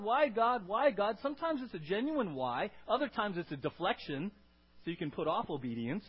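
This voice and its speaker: Husky preacher man, muffled recording. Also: very high-pitched. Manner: rises to loud emphatic peaks, asks the congregation questions. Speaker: pastor. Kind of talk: sermon.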